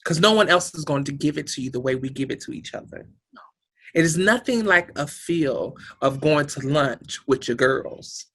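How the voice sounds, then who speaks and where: A woman's voice: deep voice, expressive, normal speed, a bit bright, slightly rough. A woman guest in a heartfelt interview, speaking emphatically and passionately, with a preacher-like, rousing manner and salty language. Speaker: guest, community organization director.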